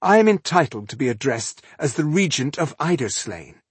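A man reading an audiobook, voicing a proud, bold noblewoman regent with a sharp, commanding manner. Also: a little high, animated, moderate pace, husky, dry recording, voice pushed up. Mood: haughty.

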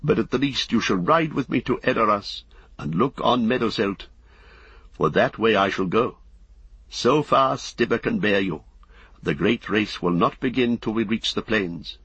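Old warrior king, voiced by a male narrator: grave, commanding, husky, dull recording. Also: on the low side, moderate pace, a bit bright, dry recording. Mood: kindly. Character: aged proud warrior king.

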